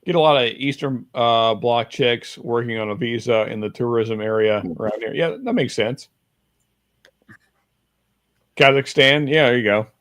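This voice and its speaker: A man's voice: medium pitch, fairly bright tone, clean tone, no echo. Rambling man on a dry close mic. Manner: rambling, halting, many restarts and fillers; reads viewer chat aloud. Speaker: podcast co-host. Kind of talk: casual chat.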